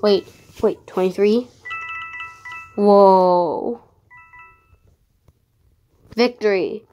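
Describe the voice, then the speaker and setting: A woman narrating her online game as she plays, excitable and easily frightened, giving running commentary. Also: medium pitch, slow pace, muffled recording, soft background music. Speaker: gaming channel host. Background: dogs barking sometimes.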